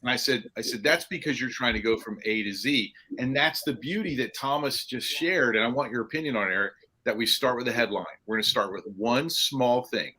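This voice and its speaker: A man joining a casual panel chat, eager with his questions and quick to retell conversations. His voice is bright and forceful, at an ordinary pitch. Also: breathy edge, low-quality recording. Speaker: panel guest.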